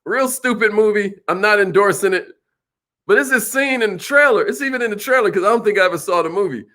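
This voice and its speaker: A man giving an animated motivational sales seminar, calling out to the audience. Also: high voice, fast talker. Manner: animated, preacherly, calls out to the audience. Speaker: sales trainer.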